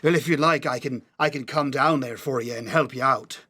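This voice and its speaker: A man's voice: fairly high pitch, expressive, fairly quick, bright, forceful tone, slightly rough, exaggerated voice. Guy doing a tall drunk man in a tabletop game, slurring his words and smug about it, a man voices him.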